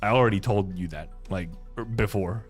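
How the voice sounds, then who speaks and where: A man's voice: lowish voice, normal speed, faint music behind. A man streaming, chatting offhandedly with viewers and joking and swearing between lines of a game story. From Finland. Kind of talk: casual reading and chat with viewers.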